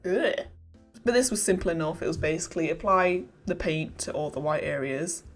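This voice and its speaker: A woman's voice: on the low side, animated, a little fast, soft background music. A woman narrating her own crafting vlog in a casual, self-mocking way. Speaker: crafting vlogger.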